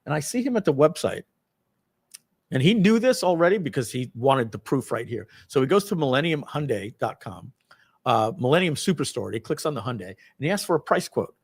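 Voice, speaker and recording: Husky man telling a lively story. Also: mid-range voice, a little fast. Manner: acts out quoted people with loud raised voice; casual, swears lightly, many asides. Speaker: speaker telling a personal story. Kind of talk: animated storytelling to an audience.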